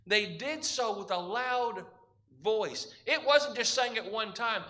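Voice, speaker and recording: A man's voice: high voice, takes it slowly, pushed and bright. A man preaching a sermon as pastor, emphatic, building his points through repeated parallel phrases.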